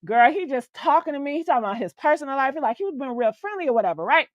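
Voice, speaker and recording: A high-pitched woman spills a long personal story to her stream audience, lively and profane, calling everyone "girl." Her voice comes through dull and lo-fi, with a dry sound and no room echo. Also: rapid-fire. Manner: animated, chatty, profane, keeps calling the listener "girl". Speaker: host. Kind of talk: casual storytelling on a live stream.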